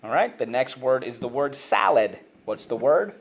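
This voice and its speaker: In this online kids' reading lesson, a man with an expressive mid-range voice runs brisk, repetitive phonics and vocabulary drills, prompting the children and praising their answers. The recording has its highs cut off.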